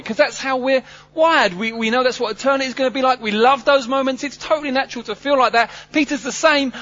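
A man preaching a sermon, animated and humorous, swinging between loud bursts and hushed asides. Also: very high voice, fairly quick, muffled recording.

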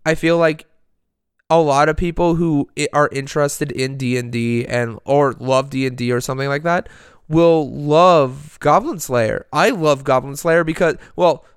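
Guy cohosting a chatty podcast, kinda high voice, super clean and smooth, gets excited and swears a lot. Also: moderate pace, dry recording, studio quality. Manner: enthusiastic, rambling, swears freely. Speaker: podcast co-host. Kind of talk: casual podcast chat.

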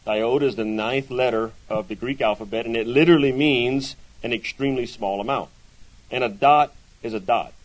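A man's voice: medium pitch, a little fast, rough recording. A man teaching a Bible class in a chatty way, often asking his listeners questions and checking in with "right?". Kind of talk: conversational Bible lesson to a class.

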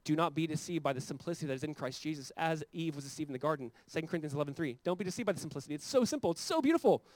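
Fast-talking, fervent preacher man. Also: fairly high pitch, expressive, a little mellow, dry recording. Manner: conversational preaching, rising to fervent emphasis. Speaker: pastor. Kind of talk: sermon.

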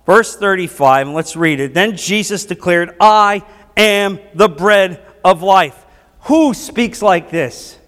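A male pastor delivers his sermon in a high, ringing voice. He drives his points with impassioned emphasis. The sound carries a long, echoing hall reverb. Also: a bit bright. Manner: impassioned preaching, rising to emphatic declarations.

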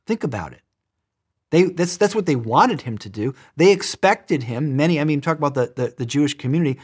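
A man preaching a sermon in an emphatic way, repeating words and shifting between loud and soft. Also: on the high side, animated, a little fast, husky.

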